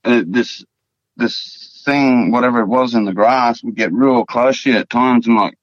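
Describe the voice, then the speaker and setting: An Australian man from the Northern Territory, a podcast guest, tells a story casually in a mid-range voice with fairly even intonation, at a moderate pace. He rambles, swears, and keeps repeating words and fillers. The podcast audio is dull, dry, and lo-fi, with no echo.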